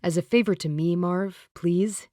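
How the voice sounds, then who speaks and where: A woman's voice: lowish voice, unhurried, mellow, dry recording, studio quality, close to an everyday voice. A woman voicing a polite, earnest young man in an audiobook.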